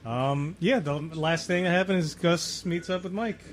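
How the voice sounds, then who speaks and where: A man co-hosting a casual TV discussion podcast, dropping joking, deadpan asides. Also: fairly high pitch, normal speed. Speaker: podcast co-host. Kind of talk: casual chat.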